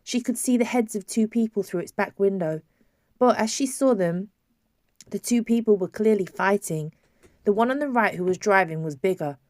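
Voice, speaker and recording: A woman narrates a novel in a measured, even storytelling manner, at a middle pitch. Her voice is close and dry, with no room sound. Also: no echo. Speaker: audiobook narrator. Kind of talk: scripted narration.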